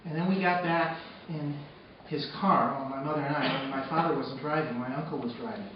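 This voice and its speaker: A man with a fairly high voice tells a personal story on stage at an arts center, dropping to hushed, sombre tones and then rising to loud, excited retelling. He is picked up from far off in a very echoey hall, and the sound is dull with steady noise behind him. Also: fairly quick. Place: arts center stage before a live audience.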